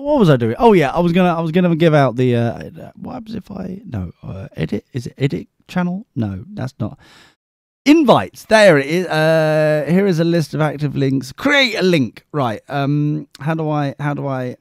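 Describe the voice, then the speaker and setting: A weary man hosts a live show, chatting in a rambling, scatterbrained way. His voice sits a little high and swings widely up and down. It is recorded close and dry, with no room sound. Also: vocal fry, no echo. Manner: scatterbrained, rambling, self-deprecating. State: tired. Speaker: podcast host.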